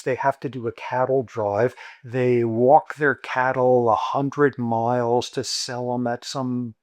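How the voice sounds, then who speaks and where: A man giving a university lecture, telling a story and acting out the dialogue with sudden jumps in pitch. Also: no echo. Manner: animated, acts out quoted dialogue with jumps in pitch. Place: lecture hall.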